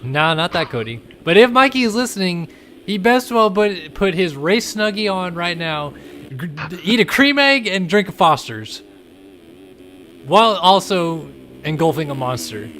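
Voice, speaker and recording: A man's voice: sits high, sing-song, unhurried, sharp tone, slight background noise. A man giving casual, teasing color commentary on a motocross race, laughing often. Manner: jokey, giggly, teasing.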